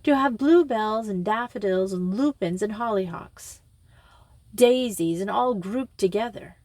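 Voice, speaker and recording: Une femme qui joue une dame bavarde et exaltée. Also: female voice, medium pitch, unhurried, darkish tone, dry recording, close to an everyday voice. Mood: animated. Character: chatty excitable middle-aged lady gardener.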